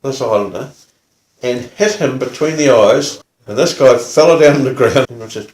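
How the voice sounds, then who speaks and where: An older man with a New Zealand accent, a retired police officer telling stories in a relaxed, casual way. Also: medium pitch, moderate pace, roomy sound. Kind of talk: casual storytelling.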